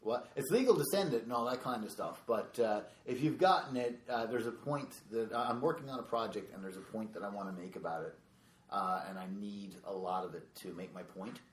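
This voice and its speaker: Low-voiced comedian in an echoey room. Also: male voice, fairly quick. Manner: rambling, filler-heavy. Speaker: stand-up comedian. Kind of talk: casual podcast chat. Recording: echoey room with faint noise.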